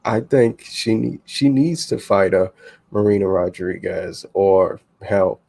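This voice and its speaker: A man with a gravelly, husky low voice co-hosts a loose chat about fights. He talks in an animated way, full of quick asides and swearing. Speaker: co-host.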